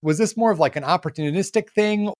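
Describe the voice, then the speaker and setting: A man's voice: high-pitched, fairly quick, no room sound, clean studio sound. A man hosting a podcast interview, asking long questions and acting out what the guest might have thought. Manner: animated questioner, acts out hypothetical quotes. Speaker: podcast host. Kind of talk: casual interview conversation.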